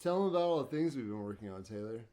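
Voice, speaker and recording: A young man co-hosting a casual podcast, ribbing his girlfriend and cursing offhandedly. His voice moves widely in pitch, rising and dipping as he jokes. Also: expressive, very fast, dark tone. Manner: teasing, joking, swears freely. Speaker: podcast co-host. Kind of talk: casual chat.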